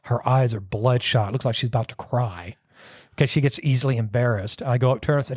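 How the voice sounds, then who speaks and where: A man's voice: medium pitch, fast talker, no echo. Dry-sounding man telling a story. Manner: drawling, acts out quotes in storytelling. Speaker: podcast co-host. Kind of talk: casual storytelling chat.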